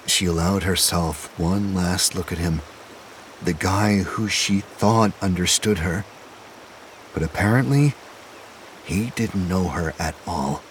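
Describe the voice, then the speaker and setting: A man narrating an audio drama in a measured storytelling way. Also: sits low, slight background noise.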